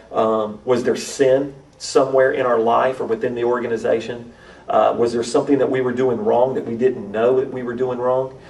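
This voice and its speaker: A man's voice: mid-range voice, vocal fry, a little mellow, far from the mic, low-quality recording. A man, a missionary to urban youth, earnestly telling a personal testimony at a church conference, often repeating and restarting phrases. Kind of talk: testimony storytelling.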